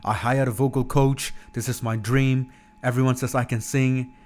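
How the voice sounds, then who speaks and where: A man's voice: medium pitch, little pitch movement, moderate pace, a little mellow, natural voice. A man reading the lines of a nervous young woman contestant protesting her rejection, in a slightly raised voice. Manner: protesting, pleading tone.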